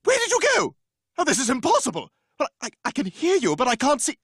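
A man's voice: extremely high pitch, huge pitch swings, fast talker, a bit bright, slightly rough, no room sound, clean studio sound, full character voice. An actor voicing an arch, sarcastic baby boy in a cartoon sitcom. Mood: startled. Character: haughty scheming baby boy with grand manners.

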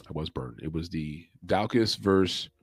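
A man's voice: a bass voice, animated, normal speed, husky, dry recording. A man hosting a casual sports betting podcast, loose and chatty, thinking aloud as he goes. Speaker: MMA betting podcast host. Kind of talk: casual chat.

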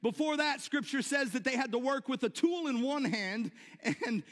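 A man preaching a sermon to his church, animated, repeating words and shouting when excited. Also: extremely high pitch, moderate pace, big-room sound. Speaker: pastor. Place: church sanctuary.

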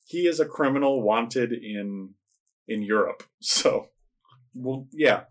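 A man talks loosely about films with friends, rambling through plots and slipping into quick acted-out lines. His voice sits in an ordinary middle pitch for a man. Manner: rambling, animated retelling of plots, acts out lines. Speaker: podcast co-host reviewing movies. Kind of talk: casual chat.

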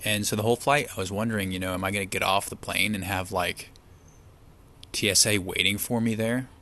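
Brief: male vlogger, lowish voice, casual chatty storyteller, eats between lines. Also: a little fast. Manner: chatty, relaxed, acts out quoted people. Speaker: vlogger eating on camera.

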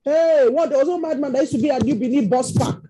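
A woman's voice: high-pitched, quick pace, noisy background. A Nigerian woman preaching a sermon, telling stories that rise into impassioned exclamations. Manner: storytelling, rising to impassioned exclamations.

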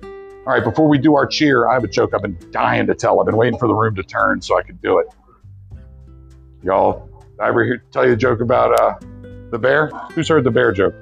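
A man's voice: mid-range voice, brisk, creaky, lo-fi sound, faint music behind. A man leading a recovery group with an earnest, preacherly talk, calling for answers from the room. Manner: earnest, preacherly, leads call-and-response.

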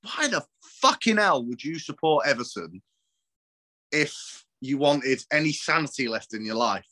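Man, casual podcast chat, bright forceful voice, swears and laughs a lot. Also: fairly high pitch, sing-song, unhurried. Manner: swears freely, laughs often, rambling. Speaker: podcast guest.

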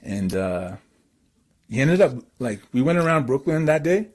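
A man from Canada telling a story in casual chat, excitable and rambling with lots of fillers. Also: medium pitch, normal speed.

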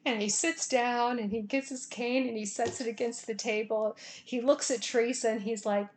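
A woman telling a funny personal story in a casual, animated way, laughing and often checking in with "okay?". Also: a little high, normal speed, slight background noise.

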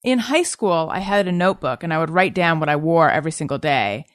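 A woman's voice: low-pitched, a little fast, dry recording, clean studio sound. A woman hosting a podcast in casual chat, reading out listener questions and joking at her own expense. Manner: chatty, self-deprecating, animated. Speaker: podcast host.

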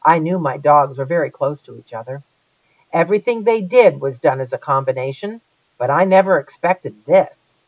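An audiobook reader telling a first-person story with a lively, dramatic delivery. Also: mid-range voice, moderate pace, dry recording, muffled recording.

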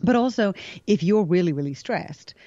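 A woman's voice: fairly low pitch, expressive, moderate pace, dark tone, dry recording, muffled recording. A woman guest explaining leadership in a casual podcast conversation, thoughtful and often repeating words as she goes.

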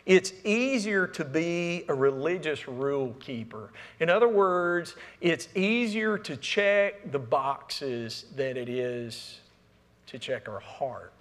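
A man's voice: on the high side, lively intonation, takes it slowly, fairly bright tone. Man preaching in a reverberant church. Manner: conversational, repeats words, asks the congregation questions. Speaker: pastor. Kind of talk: sermon. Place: church sanctuary. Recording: long reverb of a church hall.

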